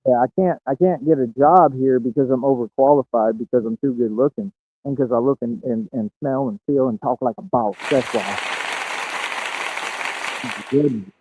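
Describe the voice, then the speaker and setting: A man's voice: mid-range voice, moderate pace, warm tone, breathy edge. A man streaming a boastful monologue, brash and bragging, often laughing at his own lines. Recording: tinny phone-like audio, dry.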